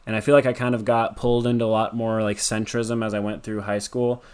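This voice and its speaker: A young man from Colorado answers a podcast host's questions in a loose, rambling way, full of ums and likes. His voice sits a bit low and sounds clean and smooth. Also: flat delivery, brisk. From Colorado, USA. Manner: rambling, with many fillers and likes. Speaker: podcast guest. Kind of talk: casual interview answers.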